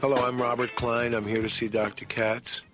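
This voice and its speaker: A man giving a theatrical stand-up monologue in a cartoon, swinging into loud put-on voices. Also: mid-range voice, level tone, normal speed, loud music behind the voice. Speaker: patient doing stand-up.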